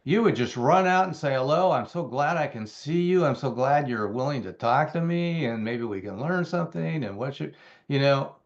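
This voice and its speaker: Male Bible teacher, mid-pitched, conversational and emphatic, mildly muffled recording. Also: expressive, normal speed. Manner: conversational, with fillers and emphatic repetition. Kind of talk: Bible teaching, reading and explaining scripture.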